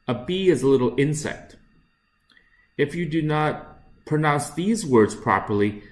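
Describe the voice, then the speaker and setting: Slow, deliberate male English teacher. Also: medium pitch, expressive. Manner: repeats each word slowly, with fillers. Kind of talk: slow, careful teaching of word sounds. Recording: echoey room.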